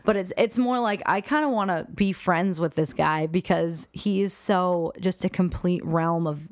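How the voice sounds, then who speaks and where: A woman's voice: on the low side, moderate pace, dry recording, studio quality. A young woman guest chatting candidly on a podcast, laughing and swearing freely. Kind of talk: casual chat.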